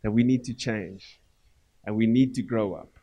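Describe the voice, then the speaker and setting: A man with a South African accent preaching a sermon as pastor, swinging between loud emphatic lines and quiet asides. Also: lowish voice, normal speed.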